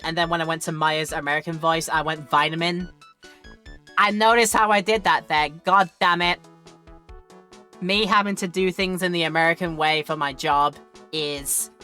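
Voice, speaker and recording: Woman rambling through a game stream, bright voice, kinda lowish. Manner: chatty and rambling, with joke voices. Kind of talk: game let's play commentary.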